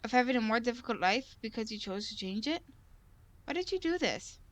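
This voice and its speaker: A woman's voice: fairly high pitch, expressive, brisk, dry recording, close to an everyday voice. A woman reading the lines of a worried middle-aged mother who anxiously questions her child in a visual novel game.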